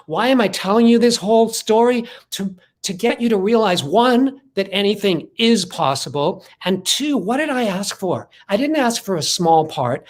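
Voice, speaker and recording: A man's voice: sits high, moderate pace. A middle-aged man telling a story as a motivational speaker, acting out the voices he quotes. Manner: animated, acts out quoted voices. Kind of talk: storytelling talk.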